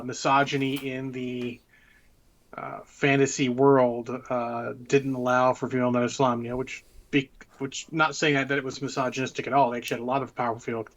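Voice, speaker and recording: A man's voice: mid-range voice, a bit bright, lo-fi sound. A man co-hosting a tabletop gaming podcast, ranting bluntly and swearing a lot in casual chat. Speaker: podcast co-host.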